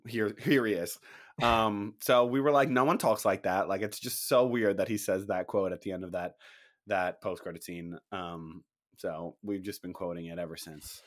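Rambling young man, lowish voice. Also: fairly even intonation, moderate pace. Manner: rambling, restarts, laughs. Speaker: podcast co-host. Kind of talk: casual podcast chat.

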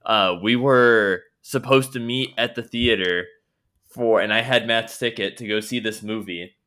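Guy with a bright voice telling a rambling story, swears a lot, casual podcast chat. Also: fairly low pitch, a little slow, clear, resonant tone. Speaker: podcast co-host.

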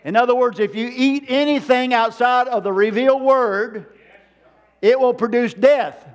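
A man's voice: extremely high pitch, moderate pace, clear, resonant tone. A man preaching a sermon to a congregation, driving points home with repeated phrases and calling for amens.

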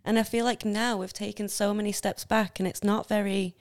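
A woman's voice: medium pitch, flat delivery, a little fast. A woman, a university student who volunteers in schools, talks earnestly in casual chat with many hesitations.

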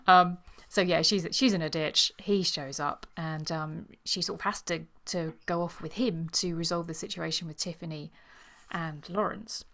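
A woman hosting a book podcast, talking casually and relaxed with fillers. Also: on the low side, normal speed. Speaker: podcast host.

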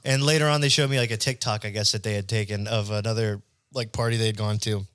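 A man's voice: lowish voice, fairly even intonation, fast talker, fairly bright tone, clean tone, dry recording, studio quality. A young man hosting a podcast, telling rambling, crude, jokey stories in casual chat. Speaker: podcast host.

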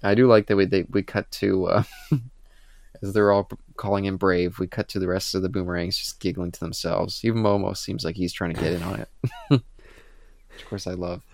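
A man co-hosting a podcast, retelling comic scenes in a casual, animated way and acting out the characters' lines. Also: deep voice, normal speed, gravelly, no echo, clean studio sound. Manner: animated retelling with acted-out quotes. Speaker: podcast co-host. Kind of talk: casual comic book discussion.

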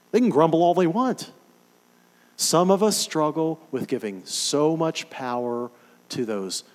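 A man preaching a sermon, animated and emphatic, firing off rhetorical questions to his listeners. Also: on the high side, in a large hall.

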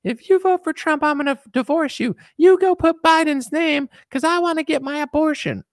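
Man doing a bossy nagging wife, shrill high voice, scolding. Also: normal speed, no room sound, studio quality.

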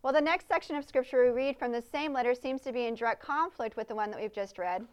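A woman's voice: fairly high pitch, fast talker, clean tone. A woman preaching a conversational sermon in a church service, earnest and chatty, often asking the congregation questions.

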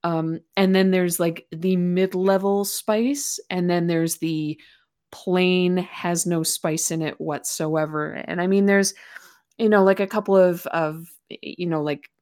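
A woman's voice: fairly low pitch, fairly even intonation, slow pace, a little mellow. A woman player in a tabletop game, describing things in a rambling way with many fillers.

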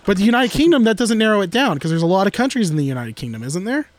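A man co-hosting a podcast in casual chat, joking and excitable, talking in restless bursts. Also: high-pitched, rapid-fire. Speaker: podcast co-host.

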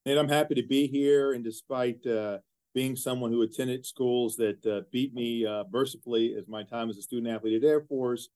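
A man's voice: medium pitch, steady tone, moderate pace, darkish tone, clean tone. Earnest, rambling male interview guest. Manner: earnest and discursive, with many fillers and repeated words. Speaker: guest, university executive. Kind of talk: conversational interview answers.

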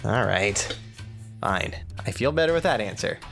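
A man's voice: fairly low pitch, lively intonation, moderate pace, gravelly, fairly bright tone, faint music behind. A man playing a tabletop role-playing game in a playful, sometimes exasperated way. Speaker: player.

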